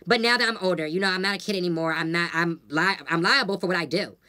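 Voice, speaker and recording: A woman's voice: lowish voice, quick pace, sharp tone. A woman vlogger venting casually to her viewers, blunt and profane, telling stories with lots of animation.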